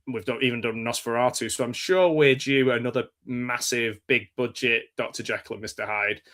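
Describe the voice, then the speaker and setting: A man's voice: medium pitch, steady tone, moderate pace, pushed and bright. An English man hosting a casual live chat about films, rambling and hesitant, with many fillers and restarts. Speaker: show host.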